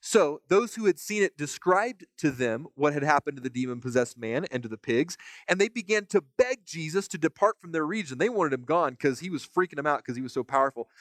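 A man teaching from the Bible in a relaxed, conversational way, reading passages aloud and stopping to comment on them, often repeating a word as he starts a phrase. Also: a little high, fairly quick, dry recording. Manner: casual, repeats words when starting phrases; reads scripture aloud between comments. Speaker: preacher.

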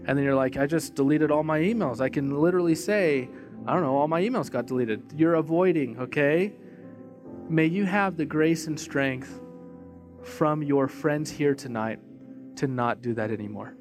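A man preaching a sermon in a conversational, animated way, telling a story and asking the congregation questions. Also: on the high side. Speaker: pastor. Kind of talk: sermon with storytelling and altar call. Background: music playing.

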